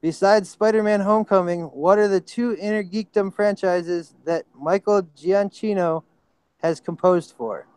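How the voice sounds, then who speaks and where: A man with a high, smooth voice runs a movie trivia quiz, reading each question out and shouting his delight at a good answer. He is quick to apologize when he flubs a name, and the sound is close and dry. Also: dry recording. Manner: excitable, apologetic about slips. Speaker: quiz host.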